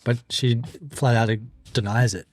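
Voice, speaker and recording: A man's voice: mid-range voice, fairly even intonation, measured pace. A man with a mid-range voice co-hosts a casual podcast. He eagerly explains movie lore at length, piling one point on the next. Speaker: podcast co-host. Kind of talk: casual chat.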